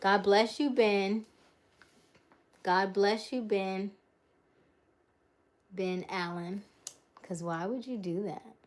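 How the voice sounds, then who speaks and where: A woman's voice: mid-range voice, steady tone, slow, pauses often. Chatty woman hosting a home livestream. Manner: chatty, reads and answers viewer comments aloud; laughs often, trails off. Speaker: livestream host. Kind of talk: casual live-stream chat. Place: her home, mid-move.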